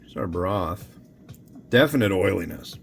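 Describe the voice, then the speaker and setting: A man's voice: low-pitched, expressive, a little slow, soft background music. A man who reviews instant noodles, chatting casually and rambling to his viewers as he cooks and tastes. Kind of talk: casual chat while cooking and tasting.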